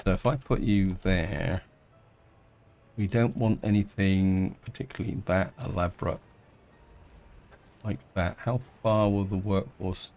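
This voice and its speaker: Slow, low-voiced man thinking aloud. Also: steady tone, darkish tone, soft background music. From England. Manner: thinking aloud, hesitant, many restarts. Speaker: game let's-player. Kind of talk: casual gameplay commentary.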